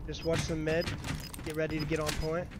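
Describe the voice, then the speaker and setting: A man's voice: a little high, monotone, a little fast. A man streaming an online shooter, calling out plays and trash-talking the other team between laughs with his teammates. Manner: rowdy trash talk, callouts and laughter with teammates. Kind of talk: casual live gameplay chatter. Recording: noisy stream audio with clicks.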